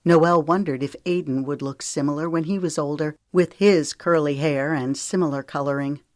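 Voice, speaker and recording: A woman narrating an audiobook in a calm, measured storytelling manner. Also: low-pitched, no echo, studio quality. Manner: calm, measured storytelling with lifted voices for dialogue. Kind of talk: scripted narration.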